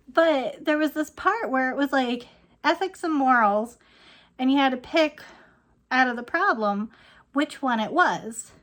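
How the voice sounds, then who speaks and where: A woman's voice: high voice, lively intonation, slow pace, long pauses, fairly bright tone. A woman in her thirties ranting casually to camera, rambling and laughing often as she talks. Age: 30s. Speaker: vlogger.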